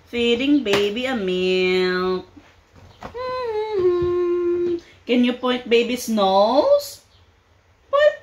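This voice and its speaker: A woman using slow, sing-song baby talk as she coaxes a toddler through words and counting. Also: a little high, wildly swooping pitch, noisy background. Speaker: parent teaching a toddler.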